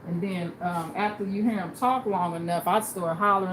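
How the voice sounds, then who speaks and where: A woman's voice: fairly low pitch, normal speed. A woman livestreaming, telling stories casually and bluntly, acting out the people she quotes. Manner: blunt, animated storyteller who acts out quoted people. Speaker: livestream host. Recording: echoey room with background noise.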